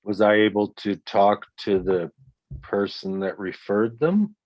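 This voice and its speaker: A man in his sixties speaks bluntly and forcefully in an interview and curses freely. His voice sits a little low. The recording is dry and slightly dull. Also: a little slow, no echo. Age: 60s. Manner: blunt, profane, emphatic storytelling. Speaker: guest, victim's father. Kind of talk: interview conversation.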